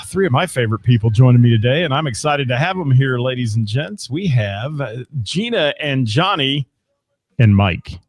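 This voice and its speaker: A man's voice: medium pitch, lively intonation, normal speed, dry recording, clean studio sound. A man hosting a radio interview show, chatting in an upbeat, casual way with a lot of fillers.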